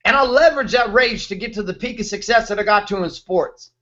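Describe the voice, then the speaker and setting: This motivational speaker, a man in his thirties hosting a show, rants bluntly and emphatically, swearing plenty. His voice sits high and sounds a bit bright and brisk, though the recording is muffled.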